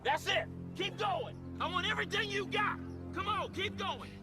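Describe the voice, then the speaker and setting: An actor playing a demanding football coach who urges on an exhausted player with repeated shouted commands. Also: male voice, extremely high pitch, moderate pace. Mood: urging. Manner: relentless, urging, shouting commands. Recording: distant film audio under loud music.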